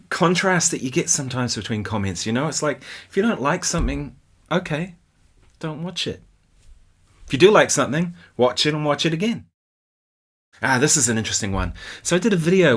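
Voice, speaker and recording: A man's voice: mid-range voice, a bit bright. A man from New Zealand with a New Zealand accent, hosting a guitar channel and chatting casually about viewer comments, often laughing and asking "right?".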